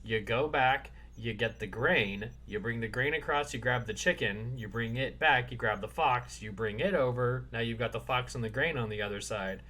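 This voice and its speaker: A man hosting a casual podcast chat, relaxed and easygoing, laughing easily and walking through ideas step by step. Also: mid-range voice, normal speed, few pauses. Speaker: podcast host.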